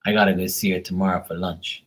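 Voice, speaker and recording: Deep and quick with little pitch movement, this livestream host's voice sounds a bit bright on a low-quality recording. A tarot reader, he rambles loosely, swears freely and talks to his dog as well as his viewers.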